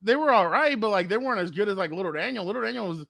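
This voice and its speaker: Podcast co-host, man, high-pitched, animated storyteller, dry close mic. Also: racing, vocal fry, dry recording. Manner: animated storyteller, acts out quotes. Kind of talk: casual chat.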